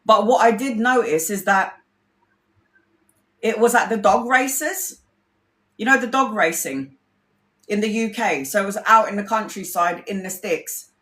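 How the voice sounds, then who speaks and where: A woman's voice: mid-range voice, a little slow, long pauses, a bit bright. A woman tarot reader telling stories in a casual livestream, candid and rambling, swearing freely. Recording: roomy echo.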